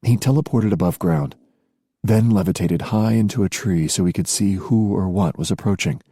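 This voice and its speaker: Man, audiobook narrator, very deep voice, dark tone, husky, dry sound. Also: moderate pace, no room sound. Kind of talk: scripted narration.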